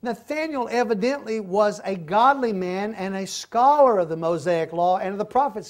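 Older guy teaching bible class, high voice, acts out the lines lively. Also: normal speed, few pauses. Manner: animated, acts out quoted lines. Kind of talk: Bible study lesson.

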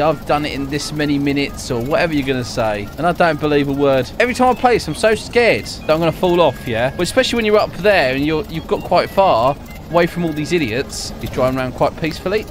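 Excitable gaming YouTuber. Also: male voice, fairly high pitch, quick pace, slight background noise. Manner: excitable, jokey, laughs often. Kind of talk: live gameplay commentary.

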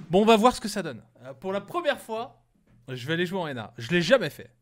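A man's voice: high-pitched, sing-song, a little hiss or hum. A young man from France streaming a game, joking and mocking himself in casual chat, switching between French and English with a French accent. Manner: joking, self-mocking, quick restarts.

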